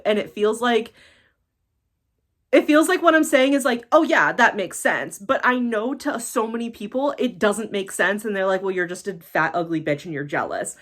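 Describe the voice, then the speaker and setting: A woman's voice: medium pitch, fairly bright tone. Blunt, foul-mouthed woman vlogger ranting. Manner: blunt, swears constantly, exasperated. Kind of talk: casual ranting monologue to camera.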